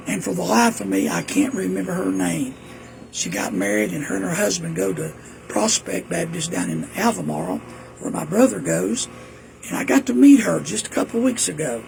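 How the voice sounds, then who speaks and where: Gravelly folksy preacher. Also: male voice, fairly high pitch, background noise. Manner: rambling folksy storytelling. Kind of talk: casual reminiscing monologue. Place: indoors at home.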